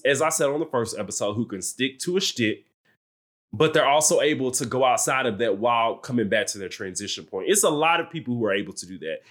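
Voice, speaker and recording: A man's voice: medium pitch, a bit bright. A man co-hosting a reality TV recap podcast, ranting heatedly with lots of swearing and blunt repetition. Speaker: podcast co-host.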